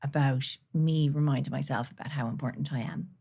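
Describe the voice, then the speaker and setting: A woman guest on a podcast, speaking earnestly and from the heart, sometimes dropping to a soft near-whisper. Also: rumbling low, steady tone, fairly quick, creaky, slightly rough. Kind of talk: candid conversational interview.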